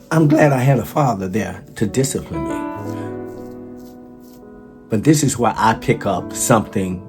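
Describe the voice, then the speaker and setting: A man, telling a personal story and laughing often. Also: on the low side. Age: 60s. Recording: guitar music underneath. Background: guitar music.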